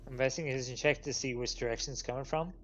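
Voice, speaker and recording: A man's voice: medium pitch, fairly even intonation, quick pace. A man playing a tabletop game over voice chat, hesitant, with many filler sounds as he describes his actions. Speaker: player. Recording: dull lo-fi voice chat audio.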